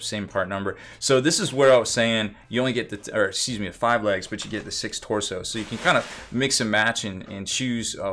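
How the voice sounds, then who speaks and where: Rambling low-voiced man unboxing miniatures. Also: a bit bright. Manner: rambling, many fillers and self-corrections. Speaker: miniatures reviewer. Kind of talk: casual unboxing commentary.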